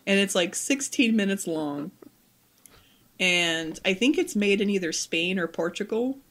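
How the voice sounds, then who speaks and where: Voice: medium pitch, unhurried, fairly bright tone. A podcast host who chats casually and enthusiastically, enunciating every word. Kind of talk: casual chat.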